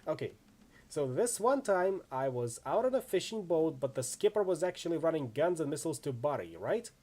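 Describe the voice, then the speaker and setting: A man's voice: a little high, big pitch swings, brisk, warm tone, slightly rough. A man voicing a brash, tough female mercenary in a game reading, telling stories in a chatty, wry way.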